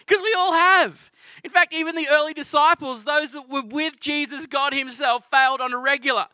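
A man's voice: very high voice, steady tone, moderate pace, pushed and bright, dry recording. A man with an Australian accent preaching a sermon in a conversational, storytelling way. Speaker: pastor.

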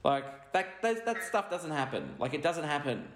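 High-voiced Australian man preaching. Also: moderate pace, no echo. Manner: animated, joking, quizzes the congregation. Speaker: pastor. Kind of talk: sermon.

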